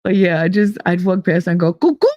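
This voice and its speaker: Animated New woman telling stories. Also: fairly low pitch, a little fast, dry recording, dull audio. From Hoboken, New Jersey. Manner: animated, swears freely, frequent laughter. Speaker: podcast host. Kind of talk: casual storytelling chat.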